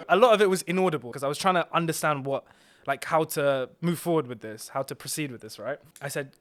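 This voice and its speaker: A man's voice: on the high side, a little fast, fairly bright tone. A young man casually telling a story on a couch, rambling with lots of fillers and restarts. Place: indoors on a couch.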